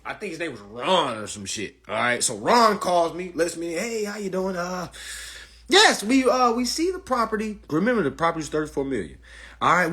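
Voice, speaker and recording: A man's voice: fairly high pitch, fairly bright tone, husky. A man telling a long profane story to an online audience, emphatic and repetitive, often saying "all right" and "y'all". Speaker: storyteller addressing a live audience.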